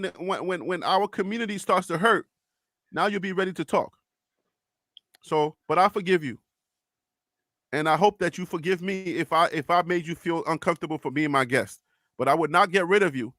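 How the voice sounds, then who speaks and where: A man with a high, bright, sharp voice hosts a livestream panel, talking with deep emotion. He builds his points in a repetitive, preacher-like cadence. The sound is dry and close. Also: dry recording. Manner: impassioned, repeats himself, preacher-like cadence. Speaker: livestream host.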